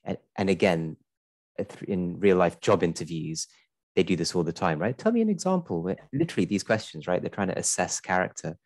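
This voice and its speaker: Male webinar host, very deep voice, upbeat and conversational, dry close sound. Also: fairly quick, no echo. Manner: upbeat, conversational, tags with "right?". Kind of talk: casual webinar talk.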